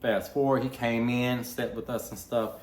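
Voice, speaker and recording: A man's voice: mid-range voice, little pitch movement, moderate pace. Man telling a heartfelt story, roomy. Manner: heartfelt, acts out quoted dialogue. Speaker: vlogger. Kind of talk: candid personal storytelling. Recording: roomy echo.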